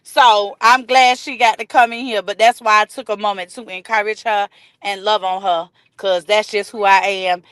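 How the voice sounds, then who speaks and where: A woman's voice: mid-range voice, steady tone, moderate pace, fairly bright tone, smooth, no echo. A middle-aged woman, hosting a casual livestream, chatting and greeting viewers by name. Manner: chatty, reads and greets viewer comments aloud. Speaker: livestream host.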